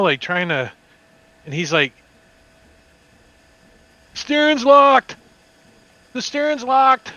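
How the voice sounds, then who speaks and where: A man narrating as dungeon master, animated and throwing in sound effects. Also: mid-range voice, dry recording. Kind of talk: narrating a tabletop game.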